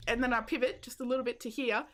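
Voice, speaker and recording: A woman's voice: a little high, fairly even intonation, fast, fairly bright tone. A woman, casually chatting with viewers while live-streaming a game, joking about herself and laughing often. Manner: self-deprecating, giggly, chats with viewers.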